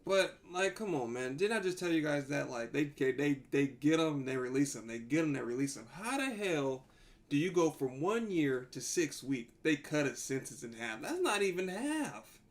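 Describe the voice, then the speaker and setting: A man's voice: a little high, normal speed. A man hosting a livestream, reacting to a video in a casual, exasperated way. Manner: animated, exasperated, says bruh a lot.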